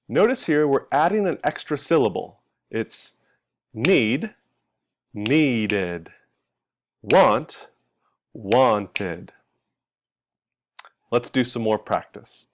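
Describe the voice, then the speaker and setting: A man teaching English pronunciation, patiently modeling and repeating each sound for learners. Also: medium pitch. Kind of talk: language lesson.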